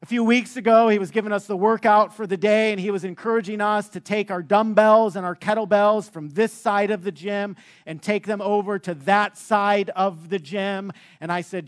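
A man's voice: sits high, steady tone, normal speed. A middle-aged man preaching a sermon, telling stories with humor and frequent fillers like "uh" and "um". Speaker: pastor.

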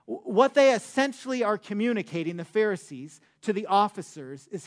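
A male pastor preaching a sermon with emphatic, drawn-out words for stress. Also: sits high, lively intonation.

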